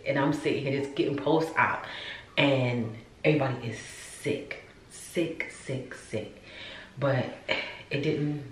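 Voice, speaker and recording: A woman vlogging from home, chatting casually and talking straight to her viewers. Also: rumbling low. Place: upstairs room at home. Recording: roomy echo, mic at a distance, faint background noise.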